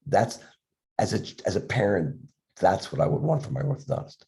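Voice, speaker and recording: An older man with a low, gravelly voice tells stories in a podcast chat. His pitch swings widely as he acts out the voices in his anecdotes, and he often restarts his sentences. A cough from a respiratory illness breaks in now and then. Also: expressive, brisk, a little mellow. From Philadelphia area, USA. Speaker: dentist guest.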